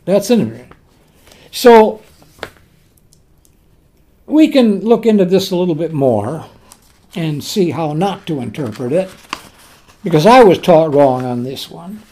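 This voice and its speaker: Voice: medium pitch, big pitch swings, slow, long pauses, dark tone. A preacher delivering a sermon on a parable in a folksy, conversational way, repeating key words for emphasis.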